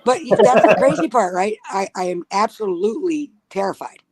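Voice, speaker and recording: A woman's voice: medium pitch, expressive, a little fast, darkish tone, no room sound. A woman telling a spooky personal story in casual chat, blunt and profane. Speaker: guest storyteller.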